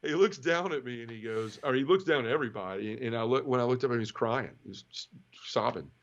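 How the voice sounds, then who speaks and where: A man's voice: mid-range voice, fast talker, dull audio. A man telling his conversion story as an interview guest, frank and emotional, acting out quoted voices as he goes. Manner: animated, acts out quoted dialogue. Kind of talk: casual storytelling.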